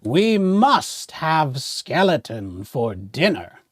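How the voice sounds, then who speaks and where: A man voicing a big, bossy witch in a storybook reading, with a booming, slow voice. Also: big pitch swings, no room sound, studio quality, full character voice.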